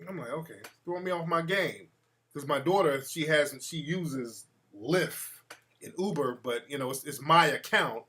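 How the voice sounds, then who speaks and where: Bright-voiced emphatic man ranting. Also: on the high side, expressive, normal speed, a little hiss or hum. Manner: emphatic, profane, talks straight to his audience. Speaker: show host. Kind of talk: ranting commentary monologue. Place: home room with a fan.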